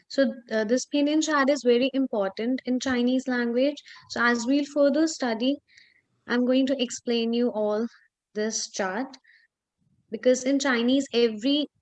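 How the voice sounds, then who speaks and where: A woman teaching a Chinese lesson, explaining slowly with pauses and fillers. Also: on the high side, darkish tone. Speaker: Chinese tutor. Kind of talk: online language lesson.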